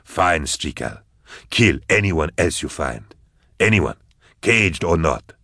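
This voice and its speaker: Man doing a deep, husky, ruthless villain, quiet menace, dry close sound. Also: very animated, slow pace, no room sound, full character voice. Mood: menacing. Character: scheming, ruthless male villain leader.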